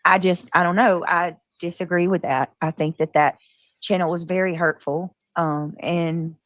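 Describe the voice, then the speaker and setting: Low-voiced woman rambling on a livestream. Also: fairly even intonation, moderate pace, dry recording, low-quality recording. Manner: rambling, clears throat often. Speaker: livestream host. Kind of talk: casual livestream chat.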